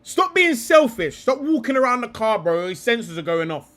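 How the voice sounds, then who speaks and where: High-voiced, lively man teasing. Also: moderate pace. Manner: teasing, laughing, repeats phrases. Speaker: host reacting to a video. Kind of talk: live reaction stream, casual banter.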